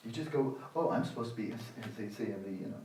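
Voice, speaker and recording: Older man, meditation teacher, dry sarcastic humor, lowish voice, echoey room, a little off mic. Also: fast, a little hiss or hum. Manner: sarcastic, animated, acts out inner voices. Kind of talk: dharma talk at a retreat. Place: meditation retreat hall. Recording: roomy hall, voice from the mic's distance.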